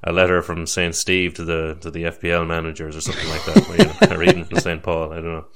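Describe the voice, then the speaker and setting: Deep-voiced man hosting a podcast. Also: expressive, fast talker, crowd noise. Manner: teasing, sweary, stammering restarts. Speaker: podcast host. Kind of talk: casual chat.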